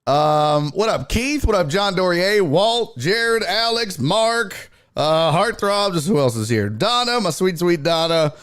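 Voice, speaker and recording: Male sports stream host, loose and profane, very animated pitch. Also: slow pace, hardly any pauses, clean tone. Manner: loose, profane, shouts out chat viewers by name; lively, jumpy pitch when retelling. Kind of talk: casual livestream chat.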